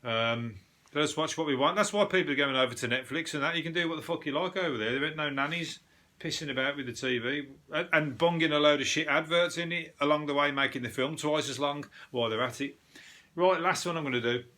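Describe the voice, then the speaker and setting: An English man hosts a solo comedy podcast, his voice bright and forward. He talks in a dry, deadpan ramble, swearing often and stumbling over his words as he goes. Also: fairly high pitch. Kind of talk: solo topical comedy rant.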